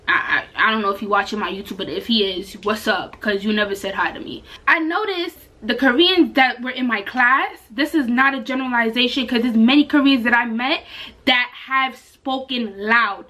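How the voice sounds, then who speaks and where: A young woman talks to camera in a high, bright voice. She tells her story casually and with slang, and acts out the voices of the other people in it. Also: normal speed. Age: young adult. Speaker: vlogger, exchange student.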